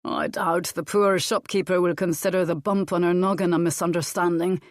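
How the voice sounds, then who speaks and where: A woman voicing a bold, teasing male Scottish laird in an audiobook, by turns dry and softly wooing. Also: lowish voice, steady tone, normal speed, dry recording, lightly acted. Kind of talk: audiobook character reading.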